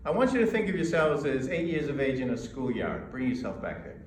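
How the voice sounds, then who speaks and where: An American man coaching an audience on presenting, emphatic and measured, pausing between points. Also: medium pitch, very animated, recorded from a distance, a little hiss or hum. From United States. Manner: emphatic, with pauses and demonstrations. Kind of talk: lecture to a live audience. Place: lecture hall. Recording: echoey hall recorded from afar.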